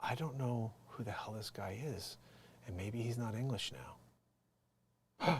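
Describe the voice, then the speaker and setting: A man hosting a casual livestream, talking to himself as he searches, drifting from low muttered asides to bursts of excited shouting. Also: takes it slowly, long pauses, breathy edge, no room sound. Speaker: livestream host.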